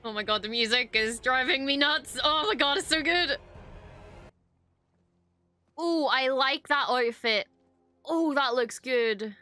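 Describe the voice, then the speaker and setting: High, bright excitable woman. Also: slow, pauses often, no room sound, soft background music. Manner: excitable, exclaims and swears often. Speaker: reaction video host. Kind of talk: reacting to a TV episode.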